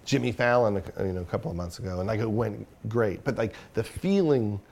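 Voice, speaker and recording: A man's voice: on the low side, a little fast, vocal fry, darkish tone. A man speaking as an interview guest, a filmmaker and comedian talking candidly and self-critically, thinking aloud.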